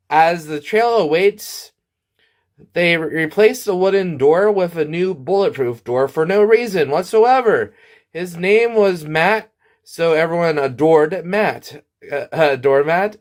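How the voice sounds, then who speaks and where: A man spins an absurd tale in a deadpan, meandering delivery, stumbling over restarts and tossing out asides. His voice sits a little higher than most men's. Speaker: storyteller. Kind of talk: absurd comic storytime monologue.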